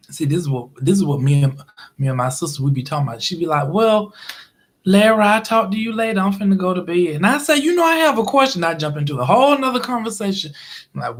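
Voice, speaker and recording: Chatty high-voiced man telling stories. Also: a bit bright. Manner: chatty, rambling, laughs often, acts out quoted voices. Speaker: YouTube live streamer. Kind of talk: casual storytelling monologue.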